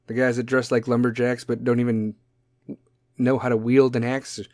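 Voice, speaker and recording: A young man in the middle of a blunt, swear-filled rant, confrontational and quick to drift off topic. His voice sits at a middling pitch. It is recorded close and dry, with no room sound. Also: darkish tone, dry recording. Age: young adult. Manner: goes off on tangents. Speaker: podcast host. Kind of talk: ranting monologue.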